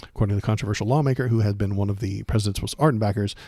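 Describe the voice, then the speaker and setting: A man's voice: lowish voice, very fast, dark tone, no room sound, clean studio sound. A man hosting a casual political livestream, talking sarcastically and rambling with many fillers and restarts.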